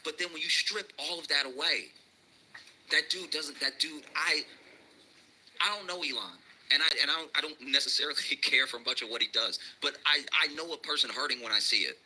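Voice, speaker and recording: A man's voice: fairly high pitch, a little fast, bright, forceful tone, a little hiss or hum, low-quality recording. A man doing a stand-up comedy routine. He tells a rambling story and often laughs through his own lines.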